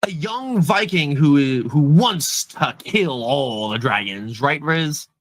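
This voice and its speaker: Hyped, animated man reviewing movies. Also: a little high, takes it slowly, no room sound. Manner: hyped, animated, repeats himself. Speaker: podcast co-host. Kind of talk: casual movie review chat.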